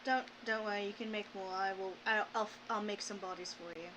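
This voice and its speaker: A woman's voice: medium pitch, fairly even intonation, a little fast. A woman playing a tabletop game, talking through plans in a practical, reasoning way. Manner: practical, planning tone. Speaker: player. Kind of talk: casual tabletop game chat. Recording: noisy background hiss.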